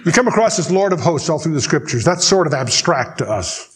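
A man teaching the Bible verse by verse, reading scripture slowly and then explaining it with dry, joking asides. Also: fairly high pitch, expressive.

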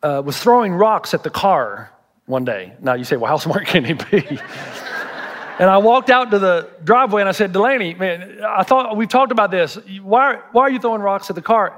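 Middle-aged male pastor, lively storyteller acting out voices, high-pitched, long church reverb. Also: a little fast. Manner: animated storyteller, acts out voices. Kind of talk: sermon. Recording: reverberant hall.

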